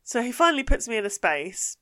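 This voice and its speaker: Bright, dry-voiced woman telling stories. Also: fairly high pitch, a little fast, dry recording. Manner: animated, swears freely, laughs mid-story. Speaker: podcast host. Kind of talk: casual storytelling chat.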